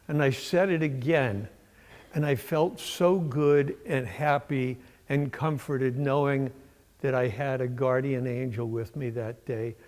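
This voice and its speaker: An older man from Massachusetts giving a sermon in a church, telling stories in a folksy, unhurried way with fillers. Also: mid-range voice, darkish tone. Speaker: preacher. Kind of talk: sermon with storytelling. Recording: long church reverb.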